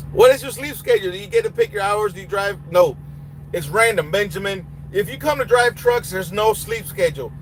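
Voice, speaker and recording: A man's voice: high voice, big pitch swings, brisk. A young male truck driver and trainer from Honduras with a Honduran Spanish accent, answering viewer questions in a casual, blunt way and switching between English and Spanish. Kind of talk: casual live Q&A, reading chat aloud. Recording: loud road and engine hum.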